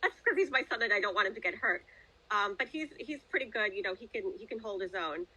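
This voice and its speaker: Middle-aged woman guest author, casual and hesitant, bright voice. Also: mid-range voice, lively intonation, quick pace, breathy edge, low-quality recording. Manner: chatty, hesitant, many fillers. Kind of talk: casual podcast interview.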